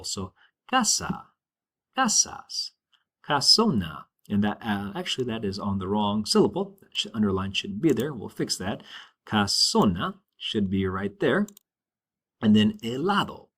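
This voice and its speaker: A man's voice: fairly low pitch, slightly rough. A male Spanish teacher giving a recorded lesson, explaining step by step and checking in with "all right" as he goes.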